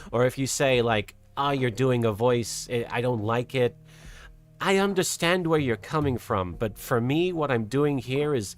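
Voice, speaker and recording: A soft-spoken streamer with an English accent drifting toward American, chatting casually with a live chat and working toward a lighter, more feminine voice placement. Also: mid-range voice. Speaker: streamer and host. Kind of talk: casual livestream chat, reading out chat.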